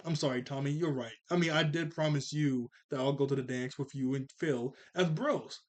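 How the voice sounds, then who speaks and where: A man's voice: mid-range voice, normal speed, close to an everyday voice. A man voicing an eleven-year-old cartoon boy who is nervous and lovestruck, eager and a little stammering.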